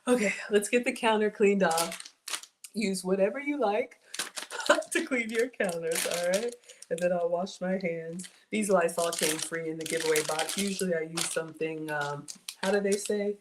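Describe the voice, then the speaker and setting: A woman's voice: fairly low pitch, normal speed, background noise. A woman hosting a casual cooking livestream, chatty and bubbly, laughing often as she reads viewer comments aloud. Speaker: home cook livestream host.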